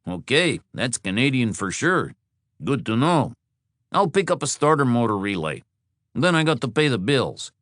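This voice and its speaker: A man voicing a friendly, energetic male mechanic who talks with light, helpful concern. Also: fairly low pitch, measured pace, hardly any pauses, no room sound, clean studio sound.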